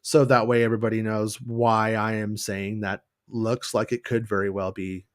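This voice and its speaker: A man's voice: on the low side, little pitch movement, normal speed, no echo, clean studio sound. Rambling casual male show host. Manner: rambling, restarts, jokey put-on voices. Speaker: host of a fan news show. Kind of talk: casual livestream chat.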